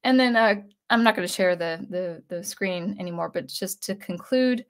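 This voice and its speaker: A woman's voice: medium pitch, normal speed. A woman composer hosting a video, ranting casually and rambling as she thinks aloud. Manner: rambling, self-interrupting, animated. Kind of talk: casual rant vlog.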